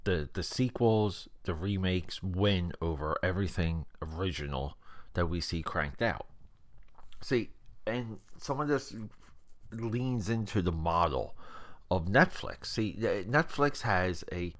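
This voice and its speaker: A man's voice: sits low, lively intonation, slow, dry recording. A man hosting a podcast, reviewing a film in a casual, rambling way and often repeating words.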